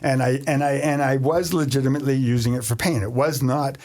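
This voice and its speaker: A man hosting a podcast, from Canada, telling a travel story in casual chat, animated and laughing often. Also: mid-range voice, fairly quick. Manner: animated, laughs often, acts out quoted voices. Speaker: podcast host.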